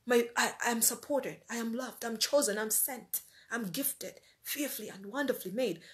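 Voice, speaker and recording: A woman's voice: fairly high pitch, normal speed. Earnest woman giving a faith-based pep talk. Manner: earnest, conversational, repeats phrases for emphasis. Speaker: life-planning speaker.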